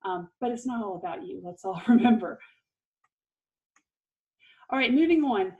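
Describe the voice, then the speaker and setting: A woman's voice: medium pitch, expressive, normal speed, phone-quality sound. A middle-aged woman giving an earnest, encouraging parenting lesson, with light laughs. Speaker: parenting course presenter.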